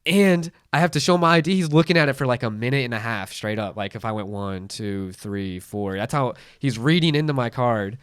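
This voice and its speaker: In a casual podcast chat, a host in his late twenties tells an animated story, voicing other people's lines in a raised voice. He speaks fairly quickly at medium pitch with few pauses, and his clear, resonant tone comes through clean studio sound with no echo.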